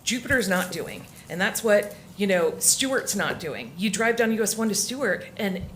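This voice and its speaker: A woman from Florida speaking during public comment at a village council meeting. She sounds emotional and halting, with many restarts. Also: mid-range voice, expressive, a little hiss or hum.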